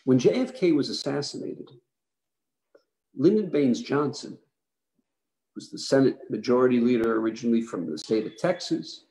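Animated, storytelling rabbi, man. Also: medium pitch, normal speed, long pauses, poor audio. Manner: animated storytelling, emphatic, asks the audience questions. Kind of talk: history lecture.

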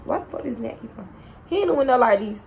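A young woman casually telling a storytime to her viewers, animated and slangy, talking straight to them. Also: a little high, fast talker, creaky, slight background noise, low-quality recording. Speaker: storytime vlogger.

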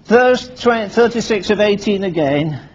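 A man's voice: sits high, expressive, moderate pace, husky. A man preaching a sermon, firing rhetorical questions at the congregation and acting out Bible scenes in dialogue. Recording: dull lo-fi sermon recording with faint music.

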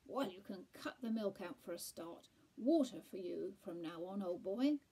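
Woman reading as a posh know-it-all tomcat, clipped and firm, husky and mellow. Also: medium pitch, lively intonation, moderate pace. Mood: firm advising. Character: posh clever male Persian tomcat.

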